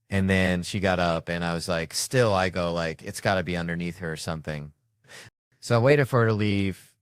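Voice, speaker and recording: A man with a Southern US accent telling a profane comic story, acting out the characters with sudden jumps in pitch and loudness. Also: dry recording, studio quality. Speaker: comedian storyteller. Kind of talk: casual storytelling.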